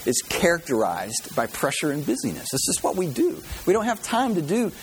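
A man's voice: on the high side, huge pitch swings, a little fast, noisy background. A man giving a conversational sermon to a congregation, acting out the voices of the people he quotes. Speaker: pastor.

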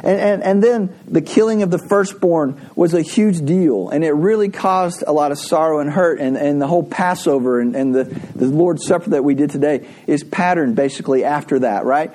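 A male pastor preaching a sermon in a relaxed, conversational way, telling stories and laughing often. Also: fairly high pitch, normal speed, hardly any pauses. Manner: conversational, animated storytelling with frequent laughs.

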